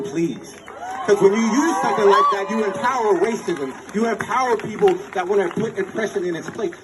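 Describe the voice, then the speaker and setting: A man in his twenties with an American accent, giving an impassioned rally speech at an outdoor protest and repeating his phrases like a preacher. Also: sits high. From United States. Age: 20s. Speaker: protest speaker. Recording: distant mic with loud crowd noise. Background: cheering crowd.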